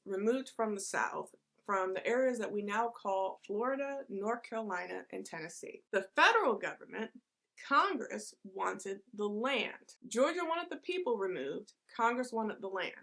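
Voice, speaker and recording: Sarcastic woman giving a history lesson. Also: on the high side. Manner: sarcastic, deadpan asides. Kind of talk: satirical history explainer.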